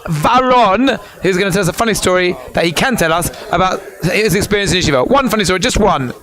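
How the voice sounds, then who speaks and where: A man's voice: sits high, fast talker, fairly bright tone. A man hosting a live fundraising broadcast, chatty and rambling as he fills time.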